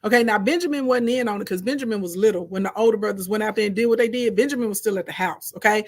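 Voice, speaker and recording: A woman's voice: mid-range voice, quick pace, hardly any pauses. Conversational woman retelling a Bible story. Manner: lively, conversational, frequent "okay?" check-ins. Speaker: Bible teacher. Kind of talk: casual Bible storytelling lesson.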